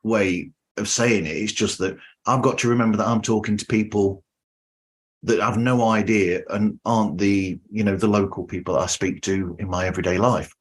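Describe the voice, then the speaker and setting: A man with a Northern English accent hosting a podcast, friendly and rambling with halting restarts. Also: lowish voice, steady tone. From north of England. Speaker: podcast host. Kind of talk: casual podcast interview.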